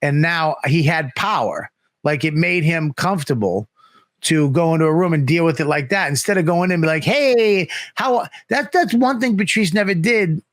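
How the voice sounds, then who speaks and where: A man's voice: a little high, brisk, no echo, clean studio sound. A man telling a casual, profane story, acting out the people he quotes. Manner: profane, animated, acts out quotes. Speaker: guest comedian.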